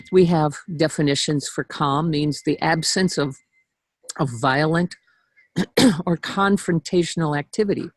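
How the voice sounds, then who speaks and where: Woman meeting leader, unhurried relaxed delivery, gravelly edge, casual lecture with asides. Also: deep voice, dry recording, rough recording. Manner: frequent throat clearing, chatty asides. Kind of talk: casual teaching talk.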